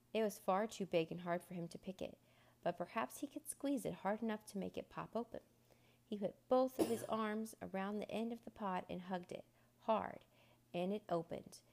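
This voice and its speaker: A woman reading a children's book aloud in a measured storytelling manner. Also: mid-range voice, a little mellow. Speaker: narrator.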